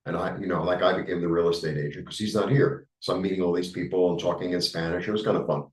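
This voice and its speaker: A man with a New York accent giving a rambling, halting tarot reading, full of fillers. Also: low voice, fairly even intonation, roomy sound, distant mic, low-quality recording. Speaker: tarot reader. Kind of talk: casual spiritual monologue.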